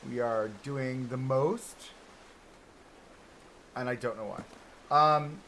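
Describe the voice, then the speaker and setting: A man's voice: on the high side, fairly bright tone, a little hiss or hum. A man chatting casually on a live game stream, laughing often and explaining what he builds as he goes. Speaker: streamer building a theme park.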